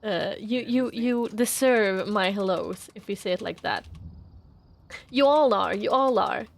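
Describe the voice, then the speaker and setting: A woman livestreamer chatting casually with her viewers, playful and quick to laugh as she greets them by name. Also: medium pitch, gravelly. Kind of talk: casual chat with stream viewers.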